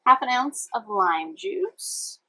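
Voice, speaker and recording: A young woman from Louisiana with a clear, bright voice hosts a relaxed cocktail-making show. She chats cheerfully to the viewer while she works. She sounds like she is in a home kitchen. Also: fairly high pitch, slow, rough recording. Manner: chatty and upbeat, talking to the viewer while mixing. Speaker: cooking show host. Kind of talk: casual cocktail demonstration.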